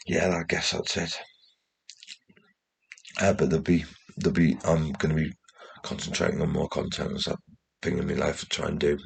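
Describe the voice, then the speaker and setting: A very deep, gravelly young man with a mixed West Midlands and Geordie accent rambles through a casual vlog monologue. His voice is husky and rough-edged, and he swears freely. He sounds anxious and restless as he talks. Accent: mixed West Midlands, Geordie and posh English. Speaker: channel host.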